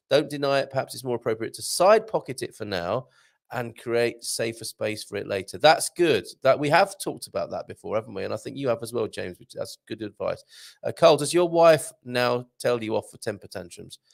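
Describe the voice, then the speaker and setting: A man's voice: medium pitch, expressive, moderate pace, creaky. A middle-aged man hosting a live show, chatting and joking as he reads out viewer comments and laughing often. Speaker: show host.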